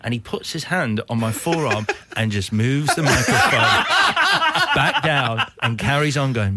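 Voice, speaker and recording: A man's voice: medium pitch, huge pitch swings, unhurried, very noisy. A man chatting as a podcast guest, telling stories animatedly and throwing in quoted film lines with gusto. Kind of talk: casual chat.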